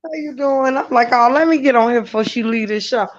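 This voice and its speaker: A woman's voice: on the high side, brisk, muffled recording. A woman from Chicago joining a stream as a caller, talking hesitantly with lots of ums. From Chicago, USA. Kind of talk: casual chat.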